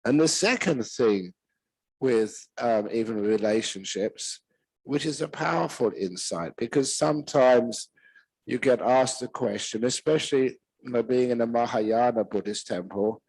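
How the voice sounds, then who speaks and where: An older man with a British accent, a monk giving a relaxed Dharma talk full of humorous stories, chuckling at his own jokes. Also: medium pitch, measured pace, husky, no echo, poor audio.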